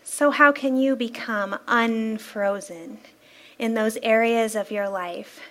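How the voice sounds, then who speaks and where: Standing at the front of a church sanctuary, a spiritual practitioner delivers an inspirational, sermon-style Sunday talk. She has a high, light voice and speaks slowly, telling stories in a lively, playful manner and often laughing between points.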